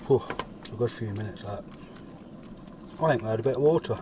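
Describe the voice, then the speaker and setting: A man's voice: fairly low pitch, a little fast, noisy background. A man chatting while he cooks pasta at a forest car camp, joking at his own expense and rambling with the odd swear. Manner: self-mocking, rambling, swears lightly. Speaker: vlogger. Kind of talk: casual talk while cooking. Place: forest campsite by a car, outdoors.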